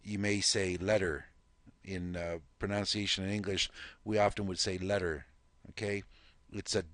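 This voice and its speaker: A man leads a language lesson at a very unhurried pace. He is patient, repeats each word and asks the listener to say it back. His voice sits a little low, and the recording is dry and close. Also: a bit bright, dry recording. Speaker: language teacher. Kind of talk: slow step-by-step language lesson.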